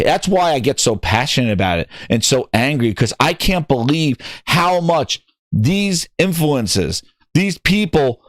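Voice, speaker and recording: A man runs a gaming news show, and he is angry about it, swearing and tripping over his words as he rants. His voice sits a little high. It comes across dry and close, with no room sound. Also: no echo. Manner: heated, swearing, repeats words when worked up. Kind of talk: ranting commentary.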